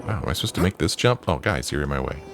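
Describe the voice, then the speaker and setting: A man's voice: rumbling low, sing-song, racing, creaky, over loud music. A man giving casual, joking commentary while playing a game and reading its dialogue aloud. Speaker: let's play host.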